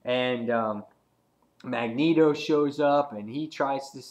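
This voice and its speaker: Brief: man with a mid-pitched voice, retelling a comic issue in a loose, filler-heavy way. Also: slow pace, a little mellow, lo-fi sound. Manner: rambling, filler-heavy retelling with acted quotes. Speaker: comic book reviewer. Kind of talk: casual recap of a comic issue.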